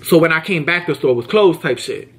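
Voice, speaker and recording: Animated young man telling a story. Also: a little fast. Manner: animated, slangy and emphatic, acts out quotes with big pitch jumps. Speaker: vlogger. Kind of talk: casual storytime.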